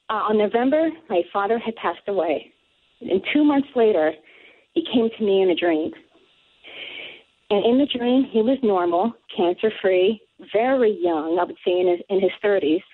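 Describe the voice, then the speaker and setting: Excited woman caller on a tinny phone line. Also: medium pitch, moderate pace. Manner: excited, breathless storytelling with gasps. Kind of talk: call-in radio storytelling.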